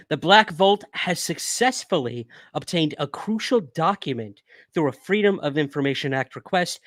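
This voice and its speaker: A man's voice: mid-range voice, fairly bright tone, no room sound. A young adult man hosting a livestream, chatting casually with viewers and reading news articles aloud, hiccuping a little from whiskey. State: hiccuping after drinking whiskey. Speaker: livestream host.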